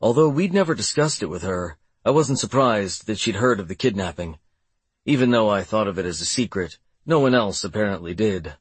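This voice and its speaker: A man reads a first-person novel aloud with a steady, measured delivery. His voice sits on the low side and has a husky edge. The sound is dry and close, with no room around it. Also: no echo. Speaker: audiobook narrator.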